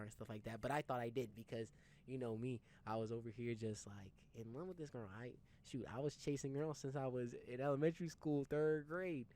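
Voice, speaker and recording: A man's voice: medium pitch, fairly even intonation, fairly quick, a little mellow. A young man casually telling a personal story, rambling and slangy, with some swearing. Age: young adult. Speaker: story time channel host.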